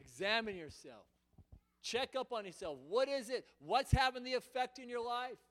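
A man's voice: extremely high pitch, expressive, normal speed, a bit bright. A man preaching a fervent sermon in church, often repeating and restarting his words as he presses his point. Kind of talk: impassioned sermon.

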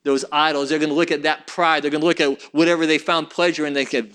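A male preacher delivers a sermon, reading scripture aloud in a steady, measured rhythm. His voice sits high and bright. Between readings he sinks into soft, low-pitched asides to the congregation. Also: clean tone. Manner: reads King James scripture in measured cadence, drops to soft low asides.

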